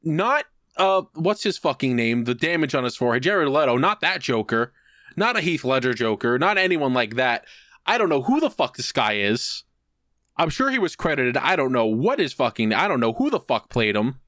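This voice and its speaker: A man co-hosting a podcast, telling a long story in casual chat. He is animated and profane, and he slips into put-on voices to act out quotes. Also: medium pitch, moderate pace, dry recording, studio quality. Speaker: podcast co-host.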